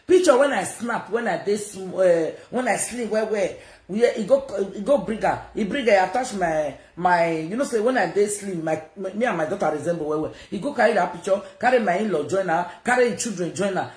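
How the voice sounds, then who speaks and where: Loud ranting Nigerian woman. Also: mid-range voice, roomy sound. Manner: loud, confrontational, mixes in Pidgin. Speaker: social media personality. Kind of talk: livestream rant.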